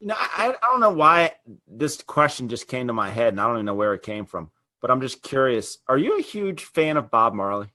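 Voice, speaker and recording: A man's voice: medium pitch, very animated, brisk, bright, forceful tone, no room sound, studio quality. A man hosting a live interview show, asking questions in a curious, conversational way.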